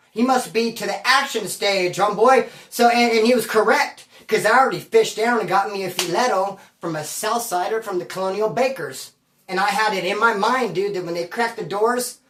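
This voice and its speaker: A man's voice: high-pitched, a bit bright, recorded from a distance. A man casually telling a prison story to camera in profane, rambling street slang. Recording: roomy echo, voice off-mic.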